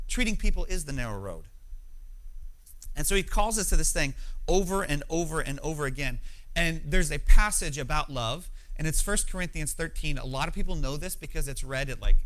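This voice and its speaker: Bright-voiced man preaching conversationally. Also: on the high side, low-quality recording. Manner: conversational, emphatic, frequent "right?" asides. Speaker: pastor. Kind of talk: sermon.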